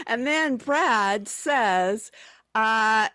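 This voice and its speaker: A woman speaking a little slowly in a lowish voice shares travel stories as a radio guest, chatting casually with plenty of fillers and restarts. Her studio microphone gives clean studio quality with no room sound.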